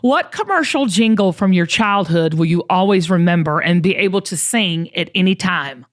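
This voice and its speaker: A woman with a Southern US accent hosting a talk show, firing off questions with bubbly, quick reactions and exclamations. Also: fairly low pitch, lively intonation. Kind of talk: casual interview chat.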